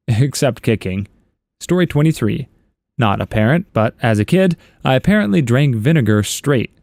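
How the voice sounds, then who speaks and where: A man's voice: mid-range voice, lively intonation, normal speed, gravelly, darkish tone, no echo. Wry man reading stories, dry sound. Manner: chuckling, wry asides between stories. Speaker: story narrator. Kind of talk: reading internet stories aloud.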